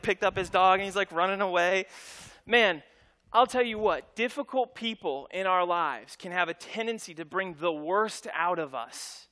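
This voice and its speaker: Bright high-voiced preaching man. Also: moderate pace. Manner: conversational, animated storytelling with voiced quotes. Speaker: pastor. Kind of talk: storytelling sermon.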